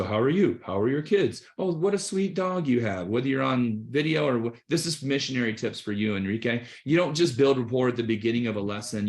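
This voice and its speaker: A middle-aged man giving an energetic sales coaching talk on a video call, often checking in with "okay" and "right". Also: medium pitch. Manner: energetic, enthusiastic, repeats points with "okay" and "right". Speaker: sales trainer.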